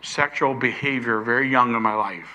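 An older man preaching a sermon, emphatic, slowing down to stress key words. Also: medium pitch, pushed and bright.

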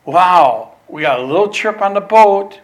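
Anxious men fretting aloud , as a preacher puts them on in his sermon. The voice is quick, raised and worried, with a somewhat high pitch. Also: lively intonation. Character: fretting male disciples, anxious.

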